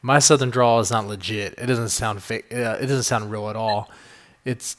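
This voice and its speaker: A man's voice: fairly low pitch, fairly even intonation, normal speed. A man hosting a podcast in loose, rambling chat, swearing freely and stacking fillers. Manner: rambling, profane, many fillers. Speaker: podcast host.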